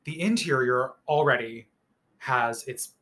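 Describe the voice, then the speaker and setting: A man's voice: medium pitch, a little slow, bright, forceful tone. A man giving a casual, opinionated recap of a reality show, rambling with lots of filler words and swearing freely.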